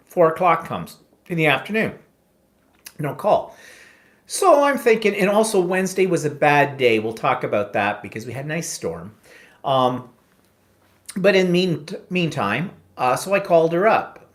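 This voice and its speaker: A man spinning a casual story on his talk show, his pitch swooping up and down with lively expression. He slips into sarcasm and quick impressions of the people he talks about, keeping it all chatty and loose. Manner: animated, sarcastic, mimics voices in anecdotes. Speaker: podcast co-host.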